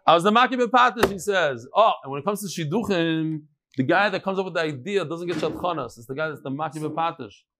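A man's voice: on the high side, brisk, a bit bright. A man teaching a casual daily Talmud class to a live group, chanting the Aramaic text and explaining it in chatty English while joking with his students. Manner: jokes and bickers with students. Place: room with a live study group.

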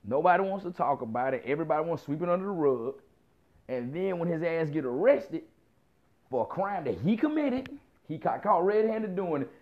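A man talks straight into the mic in a loose, blunt rant, cursing freely and hammering points by repeating them. His voice sits a little high for a man. The sound is dull and lo-fi. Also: animated, brisk. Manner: blunt, profane, emphatic with frequent repetition. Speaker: commentator. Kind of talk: casual opinion monologue.

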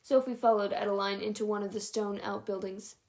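Slightly gravelly woman reading a chapter book. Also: medium pitch, steady tone, a little fast, a little mellow. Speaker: audiobook narrator.

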